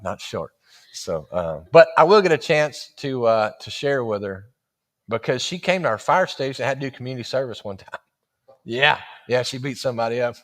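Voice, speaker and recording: Middle-aged man, casual sermon storyteller, animated, laughs a lot. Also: mid-range voice. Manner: animated, acts out quoted voices, laughs often. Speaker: church speaker telling a personal story.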